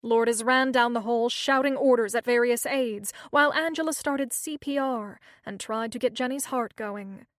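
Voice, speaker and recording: Steady woman audiobook narrator. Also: on the high side, moderate pace, hardly any pauses, no room sound, studio quality. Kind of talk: scripted narration.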